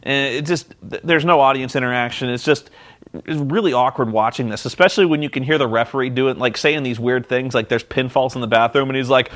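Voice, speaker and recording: A man's voice: medium pitch, fairly even intonation, a little fast, a bit bright. Sarcastic man recapping wrestling. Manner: sarcastic, mocking, acts out quotes in silly voices. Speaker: reviewer.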